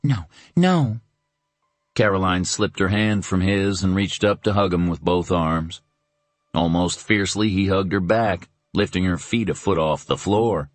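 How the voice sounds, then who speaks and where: Male narrator, low and unhurried, lively intonation, dry booth sound. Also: no room sound. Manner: measured, expressive storytelling. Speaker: audiobook narrator. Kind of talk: scripted narration.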